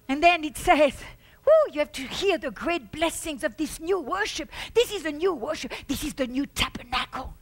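A woman pastor preaching a fervent sermon, shouting out exclamations and repeating words for emphasis. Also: high voice, animated, moderate pace, few pauses.

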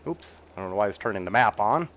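A man's voice: on the low side, lively intonation, racing, highs cut off. Easygoing middle-aged man narrating his gameplay. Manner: chatty, easygoing, chuckles often, talks to himself as he plays. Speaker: game streamer. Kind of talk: casual gameplay commentary while reading chat.

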